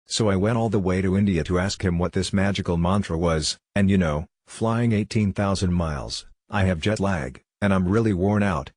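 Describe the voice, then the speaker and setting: A low, husky-voiced man shares anecdotes as an interview guest, relaxed and gently self-mocking. He talks over a video call from a room at home, and his voice comes through dry and close. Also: normal speed, few pauses, no room sound. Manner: wry, self-deprecating anecdotal delivery. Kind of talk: relaxed storytelling in a conversational interview.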